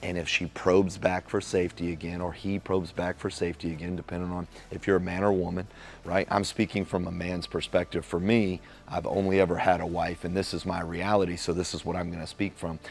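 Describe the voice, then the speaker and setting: A man giving a casual motivational talk on relationships, acting out little dialogues and softening his tone for the caring lines. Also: deep voice, brisk, gravelly. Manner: animated storyteller acting out quoted dialogue.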